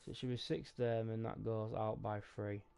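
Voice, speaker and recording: A man's voice: fairly low pitch, level tone, brisk, creaky, warm tone, clear, resonant tone. A man streaming a building game, chatting casually, counting aloud under his breath and swearing mildly when things go wrong. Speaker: gaming streamer. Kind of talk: casual live gameplay chat.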